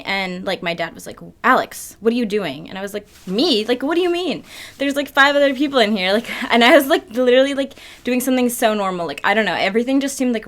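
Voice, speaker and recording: Fast-talking young woman vlogger. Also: medium pitch. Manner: breathless, filler-heavy, peppered with "like" and swearing. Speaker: YouTube vlogger. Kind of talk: casual storytelling to camera.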